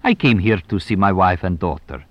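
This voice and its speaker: A man's voice: deep voice, lively intonation, moderate pace, no echo. A man voicing a nervous count from Italy who speaks tersely and formally. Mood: guarded. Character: nervous Italian count, middle-aged man.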